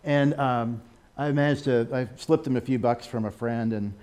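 An American man giving a sermon over a slideshow, animated, with laughing asides and excited exclamations. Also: medium pitch, normal speed. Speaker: missionary speaker.

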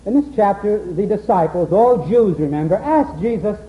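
A preacher teaching a Bible sermon speaks at normal speed in a high-pitched voice with few pauses, animatedly acting out quotes and dialogue in a raised voice. The recording has its highs cut off.

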